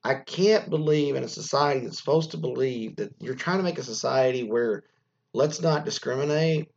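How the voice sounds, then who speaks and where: A man in casual commentary, his voice a bit husky and worn. He rambles with plenty of restarts and opinionated asides. The recording sounds dull and slightly muffled. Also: medium pitch, normal speed. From United States. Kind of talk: casual commentary, reading news aloud.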